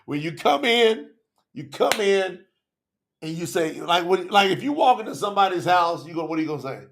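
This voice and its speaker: A man with a gravelly, slightly high voice hosts a live stream. He talks with fired-up passion and calls out individual viewers by name. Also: animated, brisk. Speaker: livestream host. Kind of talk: lively livestream talk to chat viewers.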